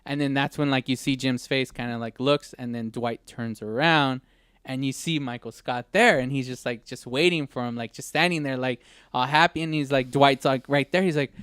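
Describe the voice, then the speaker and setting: A young man co-hosting a new live internet radio show, retelling a TV episode in a rambling, animated way with many restarts. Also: mid-range voice, moderate pace, clean tone, dry recording, studio quality. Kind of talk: casual chat.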